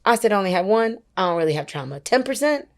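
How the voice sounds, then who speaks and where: A woman's voice: mid-range voice, fast talker. A young woman in her twenties, a worship leader guest on a podcast, telling a personal story in casual chat and acting out what other people said. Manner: animated storyteller who acts out quoted dialogue; chatty, uses many fillers like "like" and "whatever".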